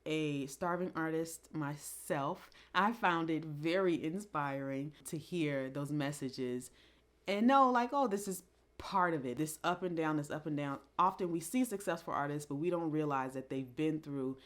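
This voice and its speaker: A woman vlogger casually reviewing an album, musing reflectively with pauses and restarts. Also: sits low. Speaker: music commentary vlogger.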